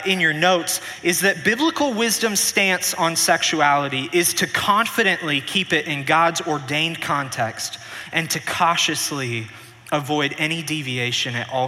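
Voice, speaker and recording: A young man preaching a sermon as pastor, telling stories with animation and dropping softer for earnest points. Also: fairly high pitch. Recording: reverberant hall.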